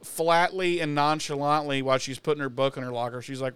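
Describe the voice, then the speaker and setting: A man's voice: on the high side, little pitch movement, fairly quick, a bit bright, clear, resonant tone. A man co-hosting a podcast, joking and swearing casually while recapping an episode. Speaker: podcast co-host.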